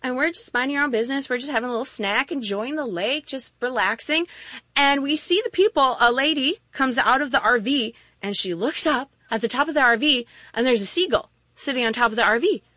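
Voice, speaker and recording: A woman's voice: sits high, brisk, dry recording. A woman preaching a sermon, telling stories and acting out little voices as she goes. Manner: animated storytelling with acted-out voices.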